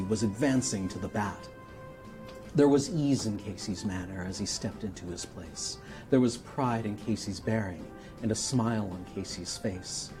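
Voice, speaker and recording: A man's voice: medium pitch, dark tone. A man giving a dramatic poetry reading in a mock radio announcer delivery. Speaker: charity stream performer.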